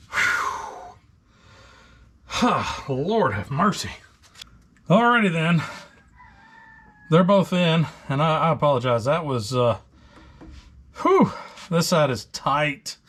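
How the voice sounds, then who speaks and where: A man's voice: a little high, takes it slowly, pauses often, husky. A man hosting a truck repair video, chatting casually and filling gaps with ums while he works on parts in a garage. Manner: relaxed, chatty, talking while wrenching with many fillers. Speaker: host of a truck repair channel. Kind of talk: casual workshop talk-through.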